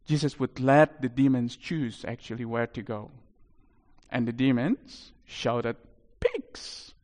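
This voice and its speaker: A man preaching a sermon, telling a story animatedly with big swings in loudness. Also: mid-range voice, fairly even intonation, a little slow, long reverb tail.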